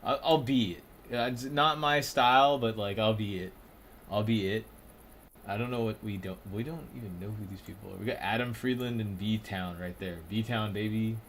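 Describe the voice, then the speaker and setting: A man's voice: fairly low pitch, normal speed, fairly bright tone, slight background noise. A young man casually commenting on a stream, rambling, swearing and often breaking into laughter. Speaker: streamer ranking comedians.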